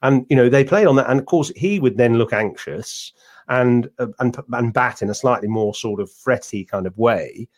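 A man telling stories on a cricket podcast, voice sitting at an ordinary middle pitch. He talks casually and loosely, restarting sentences and drifting into asides. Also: moderate pace, a little mellow. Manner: rambling, with many restarts and asides. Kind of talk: casual anecdotal chat.

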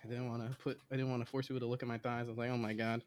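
A man's voice: mid-range voice, flat delivery, racing. A man chatting casually as a podcast co-host, telling a rambling, self-deprecating story. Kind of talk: casual chat.

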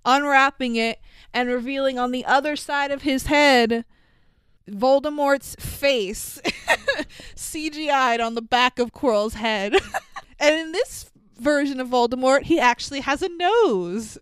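A woman with a fairly high, smooth, clean voice retells a film scene by scene, animated and swearing freely. Her voice sits close to the mic, dry with no room sound at all. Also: a little slow, no room sound. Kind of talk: casual movie recap.

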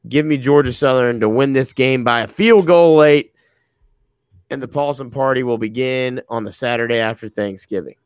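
A man's voice: mid-range voice, normal speed, clear, resonant tone, no echo. A man on a casual football podcast, earnestly building up the case for his pick. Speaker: podcast co-host. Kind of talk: casual sports analysis.

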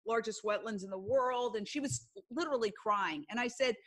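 A woman's voice: a little high, moderate pace, fairly bright tone. An older woman, a broadcast journalist appearing as a guest, chatting casually on a podcast and telling stories earnestly, acting out what people said. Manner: earnest storyteller, acts out quoted speech.

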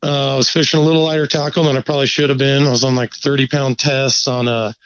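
A man telling a fishing story in a laid-back, profane, animated way during a casual chat. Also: mid-range voice, fast talker, no room sound, muffled recording. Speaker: guest angler.

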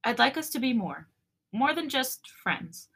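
A woman voicing a young male idol who is gentle, earnest and playfully teasing, read in her own bright voice. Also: a little high, sing-song, measured pace, creaky, breathy edge, pitched above the performer's own voice, full character voice. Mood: tender.

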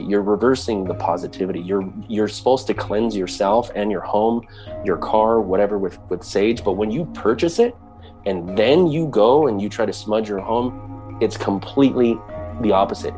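A man's voice: lowish voice, a little mellow. A man speaking earnestly in a conversational way about culture, with frequent restarts. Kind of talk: casual talk.

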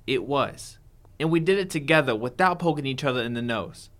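A man's voice: medium pitch, animated, brisk, fairly bright tone, close to an everyday voice. A man playing a cocky, wisecracking, hard-partying comedian in an audio drama. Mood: wistful. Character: boozy womanizing comic, middle-aged man. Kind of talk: comedic radio-play acting.

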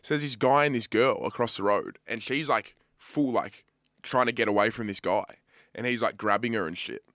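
A young man in his twenties with an Australian accent, co-hosting a podcast and telling a sweary, animated story in casual chat. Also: on the low side, normal speed, no echo, studio quality. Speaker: podcast co-host.

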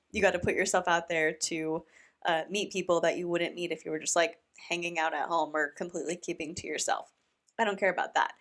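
A woman hosting a reaction commentary, talking in a sarcastic, animated and incredulous way. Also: on the low side. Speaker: commentary host.

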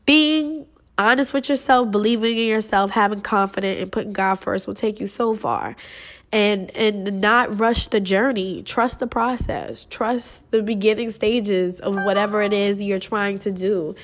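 A woman's voice: medium pitch, a little slow. Young woman w/ aave hosting her podcast, earnest and kinda emotional, swears a lot, talks right at "you guys". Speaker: podcast host. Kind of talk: motivational casual podcast monologue.

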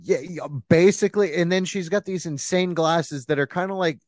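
A man's voice: high voice, normal speed, dry recording, clean studio sound. A man in casual podcast chat, rambling and crude, often mimicking people in silly voices.

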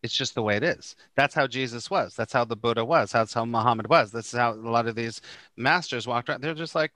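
Man, middle-aged, spiritual teacher, vivid storyteller, bright sharp voice. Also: mid-range voice, brisk, no room sound. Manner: animated storyteller who acts out quoted lines. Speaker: Course in Miracles teacher, podcast guest. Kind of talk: casual spiritual conversation.

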